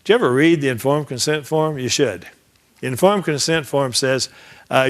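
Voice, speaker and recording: An older man lecturing a class like a trial lawyer swapping war stories. He talks in a loose, conversational way, slips into the voices of the people in his cases, and often stops and restarts mid-sentence. His voice sits at an ordinary middle pitch. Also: fairly quick. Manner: conversational storyteller who acts out quoted dialogue; frequent restarts and repeated words. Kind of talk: anecdotal lecture.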